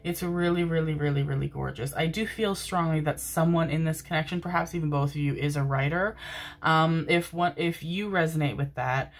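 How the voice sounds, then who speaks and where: A woman with a low-pitched voice reads tarot cards for her viewers in a relaxed, meandering way. She speaks affectionately, drifts between thoughts, and keeps calling her audience her babies while sitting at her desk mic. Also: a little fast. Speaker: tarot reader. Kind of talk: casual tarot reading to camera. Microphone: desk microphone, seated in a chair.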